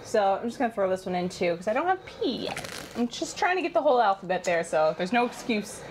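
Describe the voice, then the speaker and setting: A woman casually chatting about the items she picked up, light and lively. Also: mid-range voice, fast, slight background noise, low-quality recording. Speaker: co-host showing her finds. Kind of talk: casual chat.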